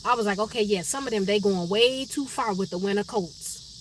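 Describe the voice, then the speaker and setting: A woman's voice: medium pitch, brisk, background noise. A woman from Chicago with a Chicago accent, chatting casually on her live stream and answering viewers' comments by name. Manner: chatty, reads viewer names and comments aloud.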